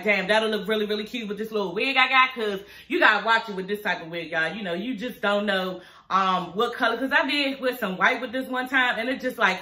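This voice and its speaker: Woman vlogger, sassy and chatty, a bit high and bright, in an echoey room. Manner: sassy, chatty, talks straight to viewers. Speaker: TV recap vlogger. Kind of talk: casual TV episode review vlog.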